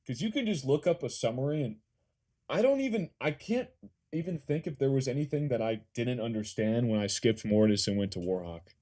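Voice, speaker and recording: A man's voice: mid-range voice, animated, fairly quick, dark tone. A young man from California with a Californian accent, chatting casually on a live stream, reading and answering chat questions, laid-back and swearing freely.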